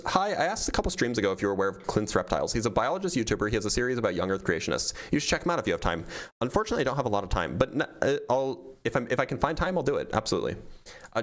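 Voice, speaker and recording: Lively male streamer reading chat aloud. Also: medium pitch. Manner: reads donor messages aloud, laughs often. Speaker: streamer reading super chats. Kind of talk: casual livestream chat.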